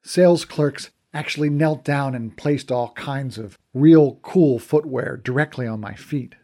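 A man's voice: mid-range voice, measured pace, dark tone. A man narrating a first-person fantasy story in a wry, casual way.

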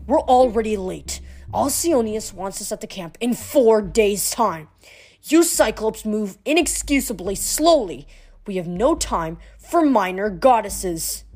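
A woman's voice: mid-range voice, expressive, measured pace, a little mellow. Woman doing a roaring, pompous giant warlord. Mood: impatient. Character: towering arrogant male giant, impatient warlord. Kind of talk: storybook reading.

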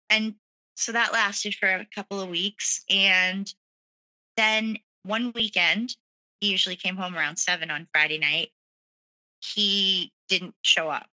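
Unhurried and earnest, this guest tells her own story candidly at medium pitch, leaning heavily on fillers like "you know" and "like." Her intonation is fairly even and her tone sharp, on a low-quality recording.

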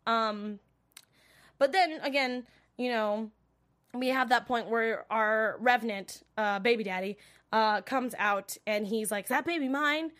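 Gushing young woman, high voice. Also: fairly even intonation, slow pace, fairly bright tone. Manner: gushing, filler-heavy, lots of "like" and "you know". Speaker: TV episode recap vlogger. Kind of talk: casual spoken recap.

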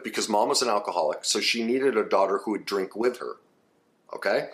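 A man who works as a therapist and author, giving a blunt, emphatic self-help talk that swings between quiet stretches and animated bursts. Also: lowish voice, moderate pace.

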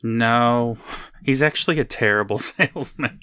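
A man's voice: medium pitch, unhurried, sharp tone, clear, resonant tone, no room sound, studio quality. A man co-hosting a podcast, chatting casually and making wry, joking asides. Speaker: podcast co-host. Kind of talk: casual chat.

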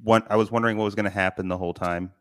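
Low-voiced man, halting podcast chat. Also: fairly even intonation, no room sound, studio quality. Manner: hesitant, trails off with fillers. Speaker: podcast co-host. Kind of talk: casual movie review chat.

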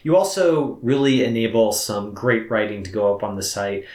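Man co-hosting a film podcast, roomy sound. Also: lowish voice. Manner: measured, explanatory, gently teasing. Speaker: film review podcast co-host. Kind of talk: conversational podcast talk. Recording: roomy echo.

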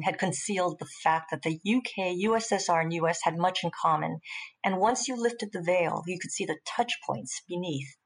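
A woman hosting an interview, asking measured, prepared questions about the guest's writing. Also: on the low side, breathy edge, low-quality recording. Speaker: interviewer host.

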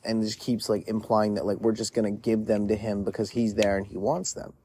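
A man's voice: on the low side, flat delivery, brisk, hardly any pauses, warm tone, a little hiss or hum. A man telling a story in a casual monologue, rambling with lots of "like" fillers and frequent swearing. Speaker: podcast storyteller.

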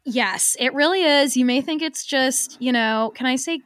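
Podcast guest, woman, high and giggly, dry close mic. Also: normal speed, a bit bright, no echo. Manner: giggly, rambling, trails off. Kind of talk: casual chat.

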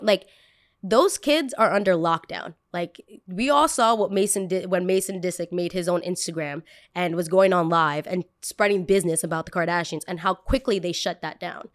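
A woman hosting a casual podcast, talking in an animated, chatty way, swearing casually and acting out what other people said. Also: on the low side, normal speed. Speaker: podcast host.

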